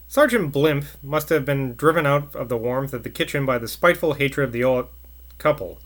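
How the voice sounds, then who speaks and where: A man reading a novel aloud at a measured pace, with occasional slips and asides. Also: medium pitch, a bit bright. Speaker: narrator.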